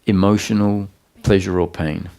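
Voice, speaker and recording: A man giving a satsang talk as a spiritual teacher, explaining calmly with pauses and restarts. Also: deep voice, creaky.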